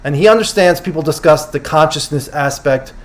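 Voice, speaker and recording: A man's voice: on the high side, brisk. A man hosting a casual livestream, recapping a conference and taking questions from his audience. He loosely paraphrases what speakers said and often corrects himself. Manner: chatty, quotes speakers loosely, self-correcting. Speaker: host summarizing a conference.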